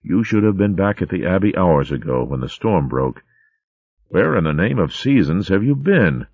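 A man doing Martin, a gentle warrior. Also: sits low, sing-song, normal speed, slightly rough, no echo, muffled recording, full character voice. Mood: reassuring. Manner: gentle and reassuring. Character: strong, kindly warrior mouse, protective.

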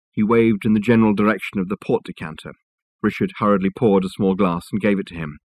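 A man narrating a novel as an audiobook, in a measured, wry storytelling manner on a close mic. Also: lowish voice, fairly even intonation, no echo.

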